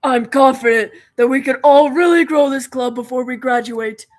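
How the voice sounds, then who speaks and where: A woman's voice: high voice, fairly even intonation, normal speed, close to an everyday voice. A woman voicing a confident, friendly teenage club president as she reads a visual novel aloud, upbeat, encouraging and talkative.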